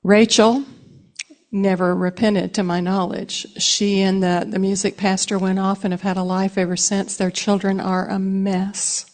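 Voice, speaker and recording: A woman's voice: medium pitch, level tone, measured pace, darkish tone. A woman delivering a sermon, telling personal stories earnestly and speaking directly to her listeners. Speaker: speaker sharing a testimony.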